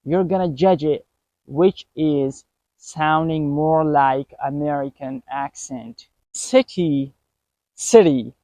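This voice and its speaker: A man teaching a pronunciation lesson, saying each example word twice in a careful, deliberate way. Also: a little high, fairly even intonation, darkish tone, dry recording. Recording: dry, dull lo-fi voice recording.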